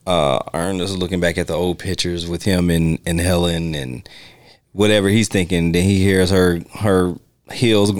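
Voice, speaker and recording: A man's voice: steady tone, normal speed, vocal fry, dry recording, studio quality. A man hosting a casual film commentary podcast, laughing often and acting out movie lines in a raised voice. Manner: laughs often, acts out quoted lines in a high voice. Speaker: podcast host.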